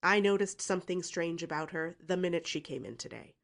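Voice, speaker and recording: A woman voicing a blustering, angry old uncle who snorts and shouts indignantly in a storybook reading. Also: fairly low pitch, lively intonation, fairly quick, vocal fry.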